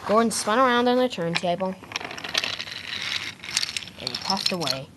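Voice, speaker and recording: A woman's voice: mid-range voice, sing-song, measured pace, heavy background noise. A woman casually narrating a homemade toy train story, with small slips and restarts.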